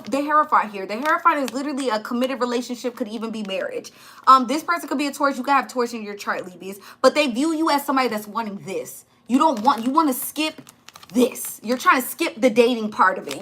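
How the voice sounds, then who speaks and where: Bright, chatty woman reading tarot. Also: high-pitched. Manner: blunt, chatty, swears and laughs often. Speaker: tarot reader. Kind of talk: casual tarot reading to camera.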